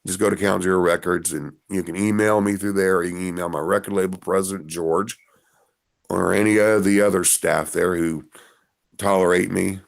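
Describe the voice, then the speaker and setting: Male musician guest, gravelly, rambling anecdotal delivery. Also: low-pitched, steady tone, normal speed. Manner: rambling storyteller. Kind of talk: casual interview chat.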